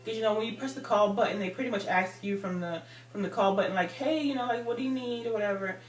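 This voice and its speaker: A woman's voice: mid-range voice, quick pace, far from the mic. Chatty woman telling a story, roomy sound. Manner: rambling, many "like" and "you know" fillers. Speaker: vlogger. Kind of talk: casual storytime. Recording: roomy, off-mic with faint music.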